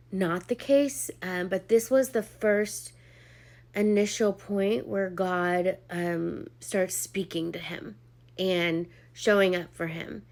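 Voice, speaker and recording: A woman's voice: medium pitch, gravelly, a little mellow. A young woman telling a personal testimony to camera in a casual, chatty way, full of "like" and "um", who gets emotional as she speaks. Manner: chatty, heavy on "like" and "um", acts out quoted dialogue. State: emotional, near tears at points. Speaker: vlogger sharing a personal testimony.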